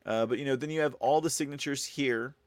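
Medium-pitched and fairly quick, this man hosts a live-stream news commentary show in a dry recording. His delivery is casual and meandering as he chats with viewers and thanks people in the chat.

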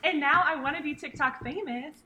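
A woman's voice: high voice, a little fast, a crowd in the background. A woman joking her way through a casual question game with friends, chatty and laughing as she talks. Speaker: guest player.

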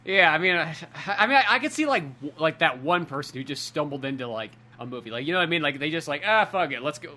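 Man, quick talker, bright voice, casual co-host, swears, stammers. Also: on the high side, expressive. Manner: fast, swears freely, stammers on restarts. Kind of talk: casual chat.

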